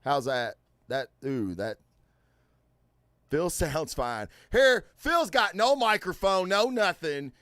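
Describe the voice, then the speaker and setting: A man hosting a casual podcast, rambling through stories with fillers and swearing. His voice sits a bit high and swings widely in pitch. The sound is dry and close on a studio microphone. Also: sing-song, slow pace, clean tone, no echo. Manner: loud, swearing, storytelling with lots of fillers. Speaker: podcast host.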